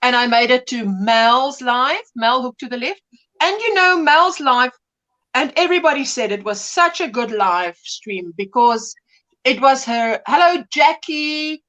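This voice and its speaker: A woman in her fifties with a high voice hosts a homey webcam livestream. She chats loosely, greets viewers by name and drifts into stories with frequent laughs. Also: lively intonation, a little slow, sharp tone, muffled recording. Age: 50s. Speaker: livestream host. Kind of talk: casual chat reading viewer comments.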